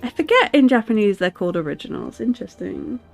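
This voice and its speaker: A woman's voice: fairly high pitch, sing-song, fast, creaky. A woman streamer chatting casually with her viewers, giggling often and answering their questions. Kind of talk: casual live-stream chat. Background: faint music.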